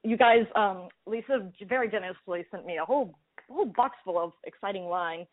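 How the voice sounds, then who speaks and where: A woman's voice: mid-range voice, brisk, no room sound. A woman hosting an interview, bubbly and rambling, often restarting her sentences. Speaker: interviewer, podcast host. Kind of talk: casual interview. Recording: dry, phone-like call audio.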